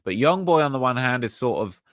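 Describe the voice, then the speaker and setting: A man's voice: mid-range voice, lively intonation, a little fast, fairly bright tone, no echo, studio quality. A man hosting his channel, giving casual commentary on news and repeating himself with fillers. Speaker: channel host.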